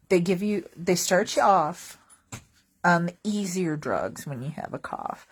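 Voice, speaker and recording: A woman's voice: fairly low pitch, breathy edge. A woman vlogger telling funny stories in a casual, wry, rambling way, joking about everyday mishaps. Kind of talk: casual comedic storytelling.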